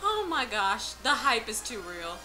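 High bright squealing young woman. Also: sing-song, measured pace, poor audio. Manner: gushing, squealing, repeated exclamations. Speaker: video reactor. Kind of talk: excited trailer reaction. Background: trailer music playing faintly.

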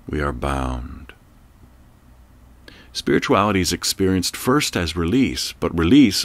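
A man narrating an audiobook in a slow, measured, reflective way. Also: low-pitched, dry recording.

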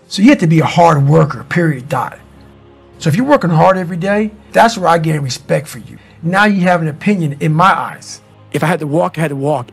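A man giving a blunt motivational talk, moving between low, brooding passages and loud, fired-up bursts, as a compilation of clips with music underneath. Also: vocal fry, husky. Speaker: motivational speaker. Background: motivational background music.

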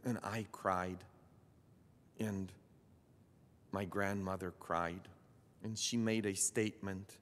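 Slow, bright-voiced priest preaching in a church. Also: male voice, low voice, steady tone. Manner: slow, emphatic preaching that swells to loud climaxes. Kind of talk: sermon. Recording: echoey church hall.

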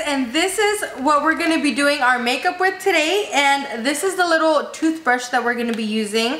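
Young female beauty vlogger, high and bubbly, slight lisp, echoey room with faint hiss. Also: pushed and bright. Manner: bubbly, gushing, addresses viewers as you guys. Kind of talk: casual makeup tutorial vlog.

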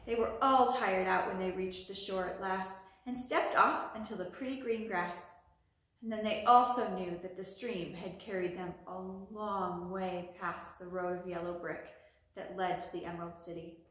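A woman's voice: mid-range voice, normal speed. Woman reading aloud in an echoey room. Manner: gentle, steady read-aloud narration. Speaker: library storytime reader. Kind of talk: reading a children's book aloud.

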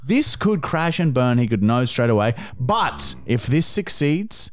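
A man co-hosting a podcast, excitable and swearing often in casual chat. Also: mid-range voice, measured pace, no echo, studio quality. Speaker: podcast co-host.

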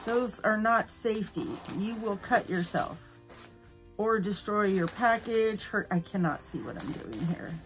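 Slow-talking playful woman unboxing. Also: mid-range voice, animated, soft background music. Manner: playful, giggly, half-putting on a spooky voice. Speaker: unboxing YouTuber. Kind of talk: casual unboxing chat.

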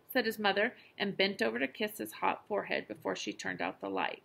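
A young adult woman, a teacher, reading a children's book aloud with expressive storytelling. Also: mid-range voice, fairly quick, gravelly, few pauses.

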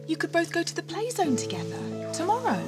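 A woman's voice: extremely high pitch, wildly swooping pitch, brisk, over loud music, exaggerated voice. A woman playing a friendly, caring hospital nurse in a children's live-action TV drama. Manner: gentle, encouraging.

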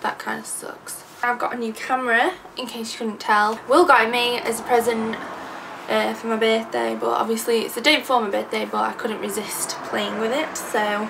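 A woman's voice: a little high, fairly even intonation, moderate pace, gravelly. A young English woman around twenty, answering viewer questions in a chatty, sarcastic vlog. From England. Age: 20s. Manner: chatty, sarcastic, self-deprecating. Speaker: YouTuber. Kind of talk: casual vlog Q&A. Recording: distant mic with background noise.

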